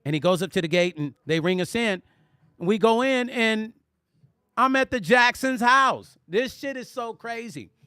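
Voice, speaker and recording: A man hosting a music vlog, telling stories in an animated, conversational way and speaking directly to his viewers. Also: sits high, moderate pace, clear, resonant tone, dry recording, studio quality. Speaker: music vlogger. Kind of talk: storytelling on a live stream.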